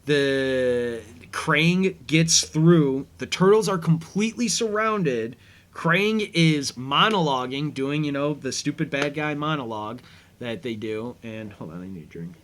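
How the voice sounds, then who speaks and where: A man's voice: mid-range voice, animated, a little slow, a bit bright, slight background noise. A man hosting a casual episode commentary, rambling easygoing with lots of fillers. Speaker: podcast host.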